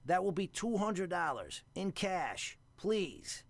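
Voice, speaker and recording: A man voicing a formal, knowing ticket agent in a video game who speaks in measured tones. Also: high voice, sing-song, vocal fry, heavily acted.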